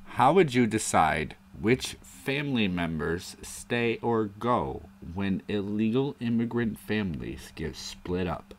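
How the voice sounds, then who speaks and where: A man's voice: on the low side, expressive, slow pace, few pauses, a little hiss or hum. A man hosting a live stream, rambling casually in a crude, joking way. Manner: rambling and crude, prone to chuckling asides.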